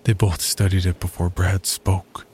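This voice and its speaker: A man narrating a horror story in a slow, measured, somber way. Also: low-pitched, completely flat delivery, a little mellow, a little hiss or hum.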